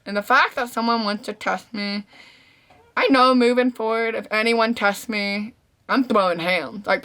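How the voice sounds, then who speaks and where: A young deaf woman chatting casually to camera, telling stories in a slangy, animated way and acting out what people said. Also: fairly high pitch, unhurried. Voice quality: deaf speaker's voice. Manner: animated storytelling, slangy, acts out quotes. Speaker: vlogger. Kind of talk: casual talking-to-camera recap.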